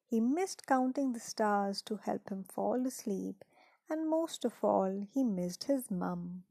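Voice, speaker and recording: Slow gravelly woman reading a story. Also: medium pitch, expressive, dark tone, no echo. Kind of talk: children's story read aloud.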